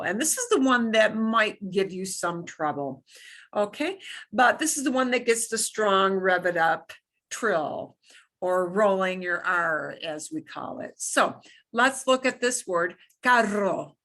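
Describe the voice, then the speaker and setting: Woman language teacher, bright tone, patient repeat-after-me drills. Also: mid-range voice, animated. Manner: demonstrates sounds by slow repetition, playful. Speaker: Spanish teacher. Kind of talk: beginner language lesson.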